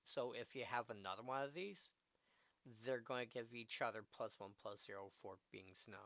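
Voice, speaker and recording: A man's voice: medium pitch, moderate pace, a bit bright, dry recording. A man casually commenting on a live stream, reading card text aloud and adding musing asides. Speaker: streamer opening card packs.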